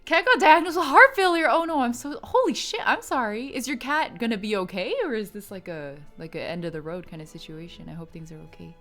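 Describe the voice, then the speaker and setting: A young woman hosts a live game stream, chatty and giggly, reading lines aloud between asides. Her voice is bright and lively, rising and falling a lot. Faint game music plays behind her. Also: fairly high pitch, brisk, hardly any pauses. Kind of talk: live game playthrough chat.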